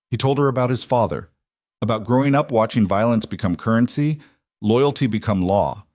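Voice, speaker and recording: A man narrating a scripted romance story in an even, measured way. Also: lowish voice, no room sound, clean studio sound.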